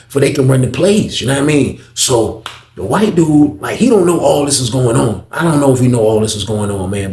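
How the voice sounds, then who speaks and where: A man's voice: medium pitch, creaky, a little mellow. A young man telling a story in a casual, slangy way, repeating lines for emphasis. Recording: echoey room.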